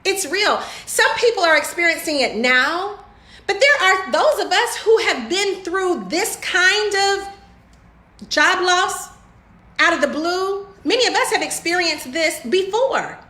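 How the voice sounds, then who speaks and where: A woman's voice: very high-pitched, expressive, slow, sharp tone, reverberant. A woman giving a motivational video talk about running a home business, emphatic and preachy, calling her viewers y'all.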